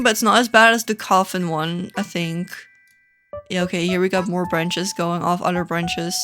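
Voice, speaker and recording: A Dutch woman who makes gaming content chats casually while reviewing game outfits, quick to burst into dramatic mock outrage. Her voice is lowish and a bit bright.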